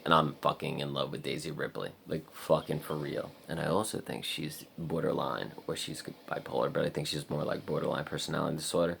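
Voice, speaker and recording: A man's voice: very deep voice, steady tone, fairly quick, vocal fry, slight background noise. A man telling a story in a casual vlog, rambling with lots of "like" and frequent swearing. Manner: rambling, heavy use of "like" and swearing. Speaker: vlogger.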